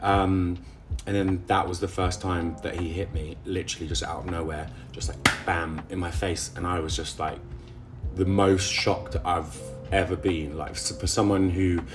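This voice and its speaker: A young man recounting a painful relationship, halting and repeating words with many fillers. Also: low voice, little pitch movement, over music. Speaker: interviewee recounting abuse. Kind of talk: emotional personal testimony.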